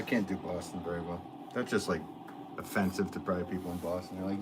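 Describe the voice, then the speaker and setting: A man's voice: low-pitched, steady tone, brisk, background noise. A man hosting a live pottery stream from his studio, rambling and joking as he reads out viewer comments while he works. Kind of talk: casual live-stream chat.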